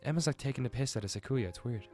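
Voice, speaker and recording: A man's voice: mid-range voice, racing, a little mellow, soft background music. A man with an Irish accent casually reading a dating sim aloud, joking and swearing between lines. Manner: sarcastic, swears, reads dialogue in mock voices. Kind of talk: casual let's play commentary.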